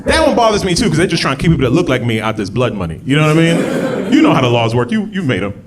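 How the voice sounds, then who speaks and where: A man's voice: a little high, sing-song, rapid-fire. A man performing a stand-up comedy set on a club stage into a handheld mic, chatty and laughing at his own jokes. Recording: live club with audience crowd.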